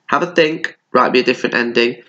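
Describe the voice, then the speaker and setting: A British man reads a children's story with animated expression and talks to young listeners between pages. His voice sits in a middle range. The recording sounds dull and muffled. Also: mid-range voice, fairly quick. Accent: British English. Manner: animated, chatty asides to children. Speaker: primary school teacher.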